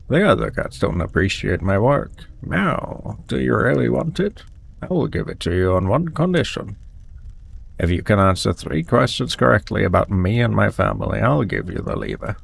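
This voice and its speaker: A man's voice: fairly low pitch, vocal fry, a little hiss or hum. A man voicing a vain, dreamy male cat artist in a video game, in a sing-song voice that tacks meow onto his lines. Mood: fawning.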